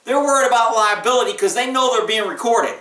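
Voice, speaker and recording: A man's voice: extremely high pitch, fast talker, sharp tone, distant mic. A man who works as a police officer giving blunt, emphatic advice in a casual vlog monologue. He often acts out what callers and dispatchers might say. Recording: echoey room, voice off-mic.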